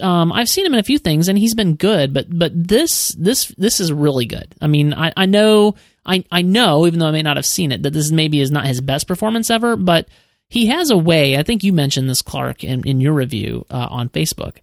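A man's voice: on the high side, no room sound. Us guy hosting a podcast, rambling, keeps restarting, dry close mic. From United States. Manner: rambling, thinks aloud with many restarts. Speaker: podcast host. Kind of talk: casual podcast discussion.

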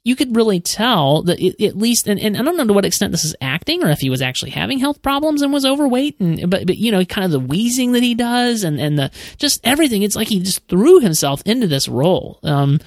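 A man's voice: high-pitched, very animated, quick pace, hardly any pauses, dry recording. Us guy hosting a podcast, rambling, keeps restarting, dry close mic. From United States. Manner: rambling, thinks aloud with many restarts. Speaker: podcast host. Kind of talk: casual podcast discussion.

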